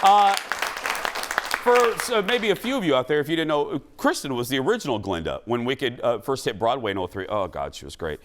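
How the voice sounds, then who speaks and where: A man's voice: medium pitch, a little fast, some chatter behind, slight background noise. A man hosting a talk show, chatting loosely about entertainment news with frequent restarts. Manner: animated and rambling, with frequent restarts. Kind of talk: casual entertainment news chat.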